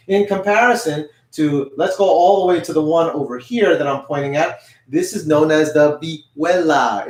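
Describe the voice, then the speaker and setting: A man teaching an online music lesson, patiently explaining and having learners repeat words after him, with a frequent "okay?". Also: on the high side. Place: indoors, showing pictures on screen. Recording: roomy echo.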